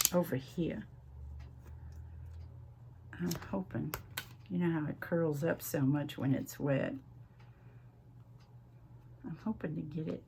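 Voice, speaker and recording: Slow-talking Southern woman crafter. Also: lowish voice, gravelly, background noise. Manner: chatty, drawn-out, laughs often. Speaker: crafting channel host. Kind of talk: casual crafting vlog chat. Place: home craft desk.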